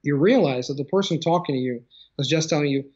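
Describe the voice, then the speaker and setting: A man's voice: on the high side, fast, darkish tone, breathy edge, highs cut off. A man who works as a language coach, speaking in an interview over a video call and explaining his ideas with many examples and restarts. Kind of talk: conversational interview.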